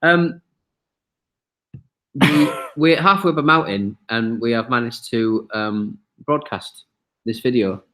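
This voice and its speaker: A British man joins a relaxed live chat as co-host, teasing the host in quick, playful banter. His voice sits a little low and easy, and he tosses out quips in a cabin up a mountain. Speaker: guest co-host. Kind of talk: casual live-stream chat.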